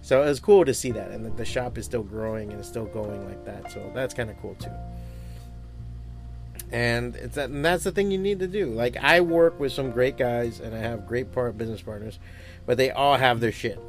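A man who owns a comic book shop, talking in a casual podcast monologue, swearing often and rambling through animated stories. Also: mid-range voice, normal speed, gravelly, music in the background. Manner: profane, rambling, animated storytelling.

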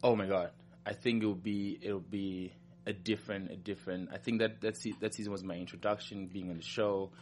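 A man's voice: low voice, level tone, fairly quick. A man with a non-American accent, a professional dancer chatting as a guest in an interview, upbeat and emphatic, often repeating himself. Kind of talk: casual interview chat.

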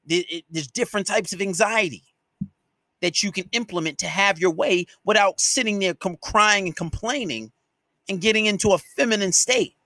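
A man with a high voice delivers a solo podcast rant. He scolds his listeners with heavy profanity and hammers every point home, and his voice sounds dry and close, with no room sound around it. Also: moderate pace, pushed and bright, dry recording. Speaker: podcast host and dating coach.

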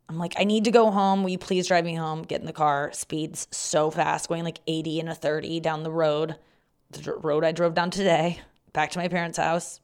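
A woman's voice: low voice, creaky. A woman in her thirties, a comedian hosting her own podcast, telling rambling personal stories in a candid, casual way, cursing freely and acting out what people said. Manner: rambling, candid, swears freely, acts out quoted dialogue. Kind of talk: casual storytelling monologue.

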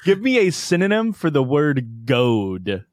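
A man's voice: mid-range voice, big pitch swings, measured pace, a little mellow, no echo, studio quality. A man co-hosting a podcast, trading jokes and laughing often in casual banter. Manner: joking, riffing, laughs often. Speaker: podcast co-host.

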